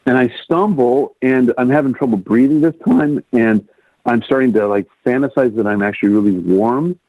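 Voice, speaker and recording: A man's voice: medium pitch, moderate pace, no echo. Man telling a story, tinny line. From Rockford, Illinois, US. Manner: animated storyteller, acts out quoted lines in a raised voice. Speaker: guest, music producer. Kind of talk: telling a personal story in a podcast interview. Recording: tinny phone-like line, dry.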